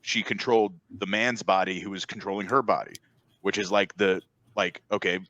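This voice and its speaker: Man, podcast co-host, bright tone, rambling, stumbling restarts. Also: deep voice, steady tone, normal speed, no room sound, highs cut off. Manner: rambling, repeats words, laughs often. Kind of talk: casual chat.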